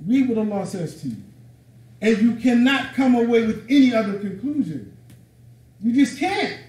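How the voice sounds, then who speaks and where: A man's voice: very high-pitched, darkish tone. A man teaching a live lecture to a room, preaching emphatically in a casual, conversational way with bits of slang. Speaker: religious teacher. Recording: echoey room, voice from a distance.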